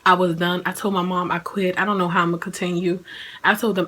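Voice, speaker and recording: A woman's voice: fairly low pitch, flat delivery, fairly quick, a bit bright, poor audio. A woman in her twenties, a vlogger chatting casually about her own experience, saying "like" often and laughing as she talks. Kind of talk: casual personal storytelling.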